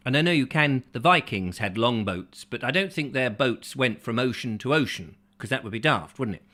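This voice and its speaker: A man's voice: mid-range voice, fairly bright tone. A man hosting a rambling comic chat show, reading out viewer comments with jokey rhetorical questions and mock-confused asides.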